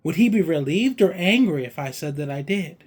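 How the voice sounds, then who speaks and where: A man's voice: on the high side, expressive, moderate pace, a little mellow, breathy edge. A man voicing a frightened young boy who answers timidly and stammers. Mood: anxious. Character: scared young boy facing his angry father.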